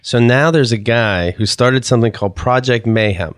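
A man's voice: medium pitch, moderate pace, clean tone, no room sound. A man hosting a casual chat, cracking dry jokes and setting up clips. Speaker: podcast host.

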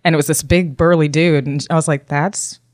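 Woman, co-host type, low-ish voice, animated storyteller, dry close mic. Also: brisk, no echo. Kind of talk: casual chat, storytelling.

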